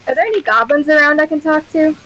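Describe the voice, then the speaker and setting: A woman playing in a tabletop game, talking casually in a soft, giggly and unsure way. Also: high-pitched, animated, fast talker, lo-fi sound, a little hiss or hum. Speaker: player.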